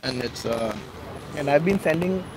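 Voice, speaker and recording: A man's voice: fairly high pitch, lively intonation, moderate pace, noisy background. A man giving an earnest, emotional statement to reporters, often repeating himself. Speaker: film actor speaking to the press. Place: outdoor garden during a press meet.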